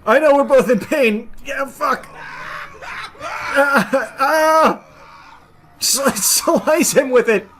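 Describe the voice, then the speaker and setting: A man giving let's-play commentary, yelling and swearing at the game, with dry low asides between outbursts. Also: very slow, long pauses, noisy background. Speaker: gaming video host.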